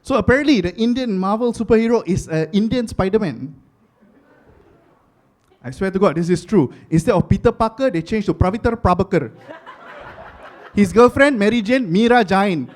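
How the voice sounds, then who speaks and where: A young man from Singapore with a Singaporean accent, doing stand-up comedy with animated storytelling and Singlish phrasing. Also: high-pitched, normal speed, pauses often.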